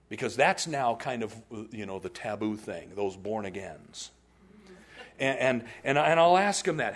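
A man preaching a sermon as a pastor, telling stories in an animated way and laughing often. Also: mid-range voice, moderate pace.

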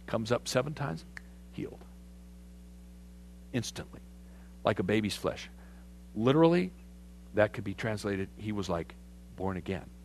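A man preaching a sermon, animated and conversational, putting questions to his congregation. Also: lowish voice, slight background noise. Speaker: pastor.

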